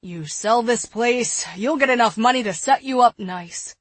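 A blunt, practical young man, read by a woman narrator in an audiobook, his voice raised and forceful. The reading is slow and husky, recorded dry and close. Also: fairly high pitch, no echo.

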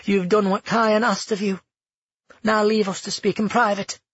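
Male narrator doing a cool, collected woman sorceress, husky and higher than his own voice, dry and dull read. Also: level tone, fairly bright tone, no room sound. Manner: cool and unhurried.

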